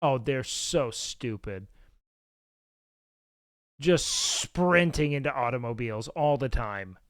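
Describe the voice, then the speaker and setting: A man streaming, telling rambling, profane stories in a casual, animated way on a close mic. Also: medium pitch, takes it slowly, no echo. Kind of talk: casual storytelling chat.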